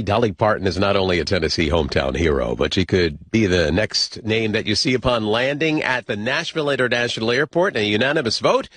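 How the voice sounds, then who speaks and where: A man anchoring a newscast, reading headlines in a measured, crisp way into a studio microphone. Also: lowish voice, fairly bright tone, no echo. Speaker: news anchor.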